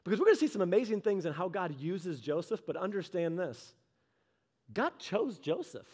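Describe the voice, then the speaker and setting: Man, sermon, high voice, funny and conversational, acts out characters. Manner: animated storytelling, acts out characters in quick voices; humorous and conversational. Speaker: pastor.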